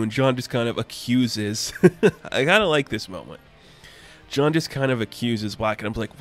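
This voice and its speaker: A man's voice: mid-range voice, steady tone, normal speed, fairly bright tone. Chatty man with music underneath. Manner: chatty, loose and filler-heavy, with wry asides. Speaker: comic book reviewer. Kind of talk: casual video commentary.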